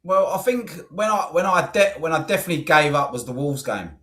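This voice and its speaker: A man co-hosting a casual football chat, relaxed and sweary. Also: a little high, a little fast. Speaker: co-host.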